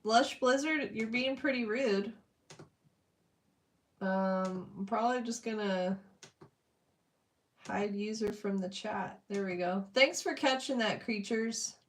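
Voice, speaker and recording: A woman's voice: mid-range voice, slow pace, long pauses. A young woman chatting casually with her live-stream chat while she draws, greeting viewers and reading their comments. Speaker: streamer drawing requests.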